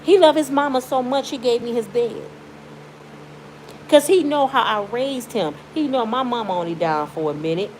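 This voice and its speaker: A Michigan YouTuber in her middle years records an emotional vlog rant from her bed, outspoken and pleading, veering from indignant to tearful. Her voice sits on the high side with a darkish tone and moderate pace. Poor audio adds a little hiss or hum.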